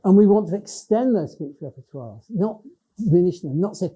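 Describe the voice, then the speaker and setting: A man's voice: sits high, very animated, moderate pace, dark tone, slightly rough. An older man with a Cumbrian northern English accent giving a conversational public lecture, often restarting his sentences. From Lake District, England. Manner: conversational, with frequent restarts and hesitations. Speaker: education professor giving a talk. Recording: dull lo-fi lecture recording.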